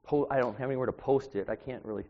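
A man delivering an informal sermon as a preacher, talking in a conversational, anecdotal way that grows louder when he gets animated. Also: medium pitch, rapid-fire. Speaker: street preacher. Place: church. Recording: dull lo-fi sound.

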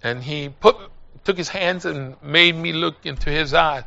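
An older man preaching a sermon, telling a personal story and building up to loud calls to his listeners. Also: on the high side, unhurried, creaky, highs cut off. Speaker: pastor.

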